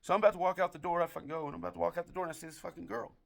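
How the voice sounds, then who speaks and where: Firing off filthy jokes at a rapid clip, a man from the United States delivers a profane comic story with a flat, deadpan tone, like a barroom joke teller. His voice is fairly high-pitched and creaky.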